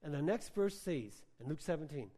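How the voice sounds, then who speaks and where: A man preaches in a loose, conversational way, telling stories with plenty of filler words. His voice sits fairly high. It rings out with a long reverb, as in a large hall. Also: big pitch swings, moderate pace, dark tone. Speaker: pastor. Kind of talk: sermon.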